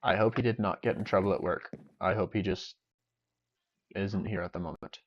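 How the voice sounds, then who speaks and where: A man's voice: low-pitched, steady tone, moderate pace, a little hiss or hum. A young man chatting casually while streaming a game, rambling and joking to himself. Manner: rambling, joking self-talk. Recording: dull lo-fi sound.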